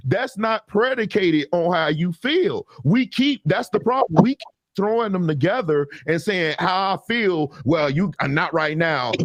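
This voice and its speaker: A man's voice: sits high, no echo. A man hosting a casual talk show, arguing his point emphatically and backing it with everyday examples. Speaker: podcast host. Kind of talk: casual debate.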